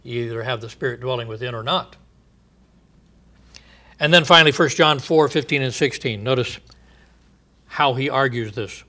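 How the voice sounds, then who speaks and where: A man preaching a sermon, building to emphatic, drawn-out phrases and dropping to a quiet low voice at the ends of thoughts, with short chuckles between points. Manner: emphatic, stretching key phrases with rising volume.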